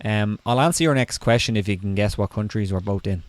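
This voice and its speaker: A man hosting a casual live chat, relaxed, reading out viewer questions. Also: on the low side, fairly quick, dry recording. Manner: relaxed, reads out comments. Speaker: host.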